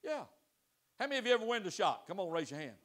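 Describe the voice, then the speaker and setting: A man preaching a sermon to his congregation, swinging between loud exhortation and soft pleading and asking them direct questions. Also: high voice, sing-song, quick pace. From United States. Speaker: pastor. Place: church sanctuary.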